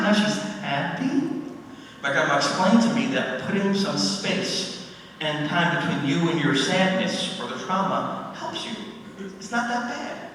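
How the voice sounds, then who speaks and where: Brief: somewhat high-voiced man, dramatic live storyteller, heard from a distance in a big echoey hall. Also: unhurried. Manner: dramatic, animated retelling with acted-out exclamations. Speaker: paranormal speaker. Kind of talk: live storytelling talk to an audience. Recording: echoey hall, mic far off, faint noise.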